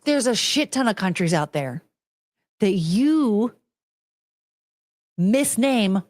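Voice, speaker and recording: A woman's voice: medium pitch, very animated, takes it slowly, long pauses, a little mellow, dry recording, studio quality. A woman hosting a podcast in casual chat, ranting, rambling and swearing freely. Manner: rambling, loses her train of thought. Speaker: podcast host.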